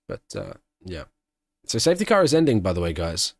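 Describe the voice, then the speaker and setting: A man's voice: low voice, fairly quick, vocal fry, dry recording, studio quality. A man streaming a live race watch-along, giving casual commentary and answering questions from his chat. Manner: chatty, answers chat questions, breaks into excited shouting at big moments.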